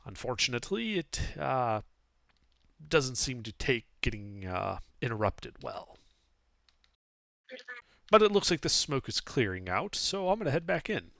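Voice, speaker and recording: Guy playing an earless alchemist with an odd accent, panicky, bright voice, dry close mic. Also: mid-range voice, sing-song, vocal fry, no room sound, heavily acted. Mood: sighing. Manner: panicky, hurried. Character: jittery earless alchemist man with tentacle arms.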